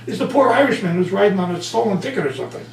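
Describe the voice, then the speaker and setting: A man being interviewed as an author and speaker, telling stories with lively acted-out quotes. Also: high voice, rapid-fire, creaky. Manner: animated storyteller, acts out quotes. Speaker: guest author and motivational speaker. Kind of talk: conversational interview. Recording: roomy, distant mic, faint hum.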